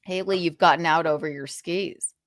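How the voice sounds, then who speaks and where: A woman's voice: sits low, steady tone, moderate pace, no echo, studio quality. A young woman hosting a livestream, ranting with profanity and sarcasm. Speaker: podcast host.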